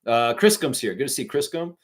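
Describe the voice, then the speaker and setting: A man's voice: mid-range voice, sing-song, fairly quick. Middle-aged guy ranting on his live stream, swears a lot, fired up, reads chat. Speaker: fan stream host.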